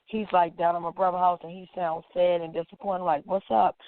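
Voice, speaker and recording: A woman's voice: fairly low pitch, little pitch movement, fairly quick, no room sound. A woman activist telling an emotional personal story, acting out the dialogue as she goes. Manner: acts out quoted dialogue as she talks. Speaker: activist guest. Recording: tinny phone-like line, dry.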